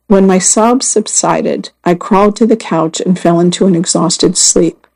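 A woman reading first-person magazine stories aloud as scripted narration, in a measured and earnest way. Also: medium pitch, gravelly, mellow, low-quality recording. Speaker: magazine story reader.

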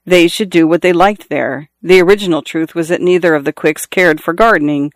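Smooth-voiced male audiobook narrator. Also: dry recording, studio quality. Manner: measured storytelling, lifts pitch for quoted calls. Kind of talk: scripted narration.

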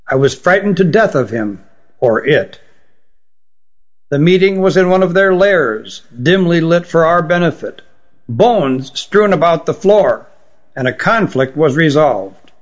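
A man reading an audiobook, voicing an ancient, remorseful queen with a slight rasp. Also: on the high side, expressive, measured pace, pitched above the performer's own voice. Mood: reminiscing. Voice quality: raspy. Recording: dull lo-fi recording.

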